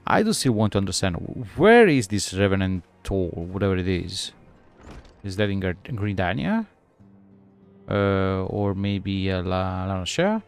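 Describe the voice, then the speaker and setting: A male streamer commenting casually while playing, muttering quiet asides. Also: low voice, very animated, measured pace, clean tone, soft background music. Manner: muttering asides between read lines.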